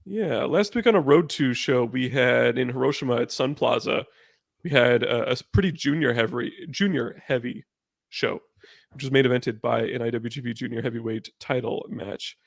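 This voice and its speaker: A man's voice: medium pitch, normal speed, gravelly, no room sound, clean studio sound. A man hosting a casual podcast, chatting loosely with fillers and restarts. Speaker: podcast host. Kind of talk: casual chat.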